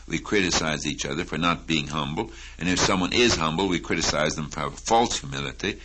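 A man with a very low voice preaching a sermon, his tone bright and forceful. He teaches slowly through a Bible passage and presses his questions home with emphasis. A faint hiss sits under the recording. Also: very animated, rough recording.

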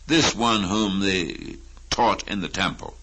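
Low-voiced man preaching a sermon. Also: sharp tone, a little hiss or hum, poor audio. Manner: deliberate Bible teaching, rising to emphatic high questions.

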